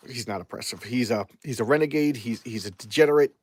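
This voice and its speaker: A man's voice: medium pitch, fast, hardly any pauses, no echo. A man reviewing comic books in a casual live chat, rambling and often repeating and restarting his words.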